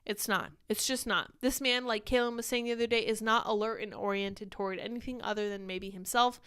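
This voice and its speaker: A woman's voice: a little high, steady tone, brisk, fairly bright tone, clear, resonant tone. A young woman hosting a casual live-stream show, chatting animatedly and reading viewer comments aloud, a little short of breath. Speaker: livestream show host.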